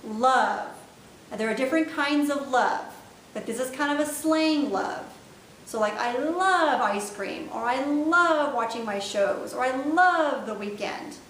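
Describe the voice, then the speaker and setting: Brief: patient female sign-language teacher, slow deliberate delivery, slightly high voice, echoey room with distant mic and faint rumble. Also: expressive, fairly bright tone. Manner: patient, demonstrative, repeats each word slowly. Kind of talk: step-by-step instructional lesson.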